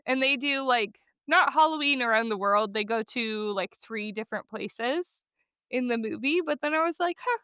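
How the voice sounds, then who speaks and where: A woman's voice: fairly high pitch, sharp tone, clear, resonant tone, dry recording. A woman co-hosting a podcast in casual chat, chatty and enthusiastic, laughing easily. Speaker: podcast co-host.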